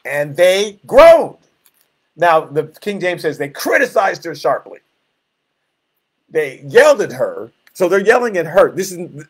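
A pastor leading a Bible study, explaining verses in plain words and acting out scenes with growls and groans. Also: male voice, fairly high pitch, a bit bright, slightly rough.

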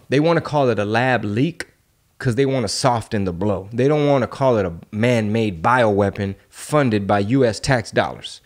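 A man hosting a podcast in casual chat, ranting with heated rhetorical questions and loose street slang. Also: on the low side. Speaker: podcast host.

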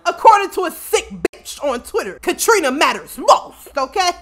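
A woman's voice: extremely high pitch, a little hiss or hum. A woman streamer giving casual, profane let's-play commentary, often laughing and talking for her character in the first person. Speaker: gaming streamer.

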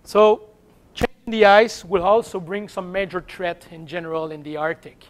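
A man's voice: high-pitched, normal speed. French-accented man giving a science lecture. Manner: hesitant, searching for English words. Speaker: guest seminar speaker. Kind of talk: academic seminar lecture.

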